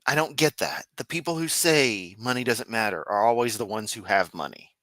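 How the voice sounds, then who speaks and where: A man giving sarcastic, profane reaction commentary on a video he is watching, with deadpan asides. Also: lowish voice, moderate pace, no echo.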